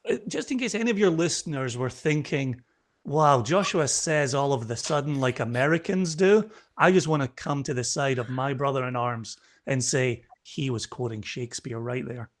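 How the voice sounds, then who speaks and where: A man's voice: medium pitch, moderate pace. A man who is a guest on a podcast, chatting casually and teasing his friend with stories. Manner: playful, teasing storyteller. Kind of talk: casual chat.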